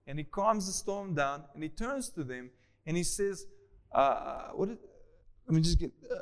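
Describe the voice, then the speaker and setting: A male pastor preaching a sermon, animated, acting out the voices of people in the story and swinging from loud bursts to quiet asides. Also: a little high, moderate pace. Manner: animated, acts out voices of the disciples and Jesus.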